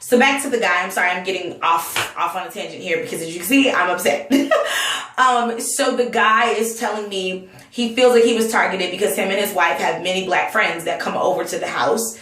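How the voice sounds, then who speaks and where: A woman from North Carolina speaks in an earnest, emotional rant, stumbling over restarts as she searches for words. Her mid-pitched voice sits back from the mic in an echoey room. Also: brisk, a bit bright. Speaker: vlogger and Sunday school teacher. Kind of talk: impassioned personal rant. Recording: roomy, distant mic.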